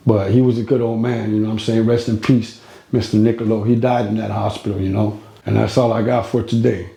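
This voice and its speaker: Gravelly man telling a street story. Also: on the low side, level tone, fairly quick, mellow. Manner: slangy, rambling, street talk. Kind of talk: casual storytime monologue. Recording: roomy echo.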